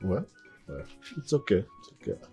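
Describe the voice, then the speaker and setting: An actor playing a mild, agreeable visiting friend. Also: male voice, low-pitched, big pitch swings, normal speed, creaky, dark tone, muffled recording, faint music behind, full character voice. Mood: agreeing. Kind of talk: Nollywood film acting.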